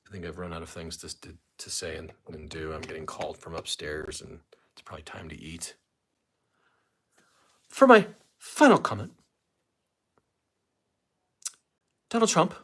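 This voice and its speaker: A man's voice: extremely low pitch, monotone, fairly quick, fairly bright tone, breathy edge. A middle-aged man hosting a casual solo livestream from home, rambling and joking straight to his viewers. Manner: rambling, jokey, talks to viewers directly. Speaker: livestream host.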